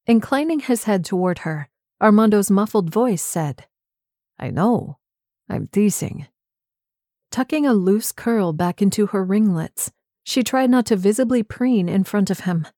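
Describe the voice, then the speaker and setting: A woman's voice: mid-range voice, animated, normal speed, warm tone, dry recording, studio quality. A woman narrating excerpts from several novels as an audiobook reader. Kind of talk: scripted narration.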